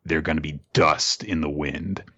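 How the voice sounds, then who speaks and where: A man voicing a ruthless male military commander who gives gruff, clipped battle orders. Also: very deep voice, fairly even intonation, normal speed, bright, forceful tone, muffled recording, pitched below the performer's own voice, exaggerated voice. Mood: grim resolve.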